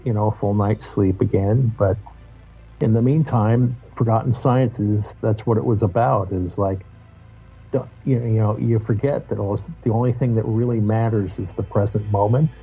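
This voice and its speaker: A man's voice: lowish voice, fairly even intonation, normal speed, gravelly, breathy edge, soft background music. A man being interviewed as a guest musician on a podcast, talking in a candid, reflective and loose way, swearing now and then. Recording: muffled lo-fi audio.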